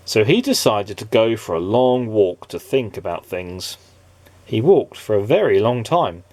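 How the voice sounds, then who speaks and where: A man reading a children's picture book aloud, expressive and playful. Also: fairly low pitch, a little slow, no echo. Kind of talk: storybook read-aloud.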